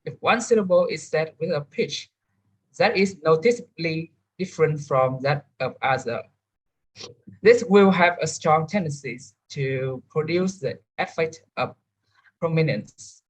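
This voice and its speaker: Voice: medium pitch, a little slow, breathy edge, poor audio. A young adult student giving a careful class presentation, with frequent restarts. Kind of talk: class presentation on English word stress.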